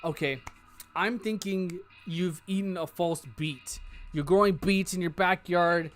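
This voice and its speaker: A man's voice: high-pitched, measured pace, a bit bright, faint music behind. Joking man thinking aloud over a game. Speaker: game streamer. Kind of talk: casual let's-play commentary.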